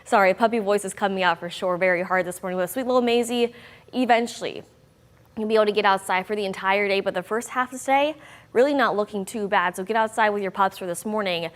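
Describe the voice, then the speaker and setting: A woman's voice: mid-range voice, fast, long reverb tail. A young woman meteorologist giving a chatty, upbeat weather forecast with bouncy emphasis.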